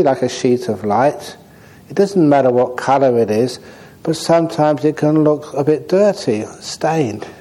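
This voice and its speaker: Mellow-voiced monk giving a dharma talk. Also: male voice, mid-range voice, poor audio. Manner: relaxed, humorous storytelling. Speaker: Buddhist monk and meditation teacher. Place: meditation hall.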